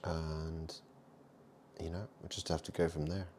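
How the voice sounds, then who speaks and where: Low, dark-voiced man rambling. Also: little pitch movement, measured pace, a little hiss or hum. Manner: muttering asides, swings between loud and hushed. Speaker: vlogger. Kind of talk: rambling monologue to camera.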